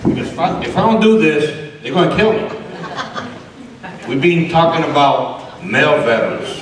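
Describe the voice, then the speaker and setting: A man's voice: a little high, big pitch swings, moderate pace. A man acting as master of ceremonies at a gala, jokey and calling out to the room, repeating his requests. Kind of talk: informal stage emceeing. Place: large banquet hall. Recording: very echoey hall, far mic, loud crowd and noise.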